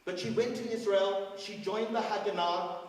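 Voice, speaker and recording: A middle-aged man giving a speech and telling stories, swinging dramatically between loud and quiet. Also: high voice, steady tone, normal speed. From South Africa. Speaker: guest speaker. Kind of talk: storytelling speech. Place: large school hall. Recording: echoey hall from far off.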